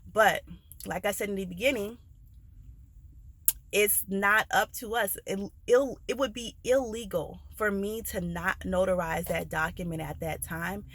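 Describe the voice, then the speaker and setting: A woman with an American accent telling a story in a casual vlog, animated and expressive, acting out the people she quotes. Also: lowish voice, dry recording. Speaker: notary vlogger.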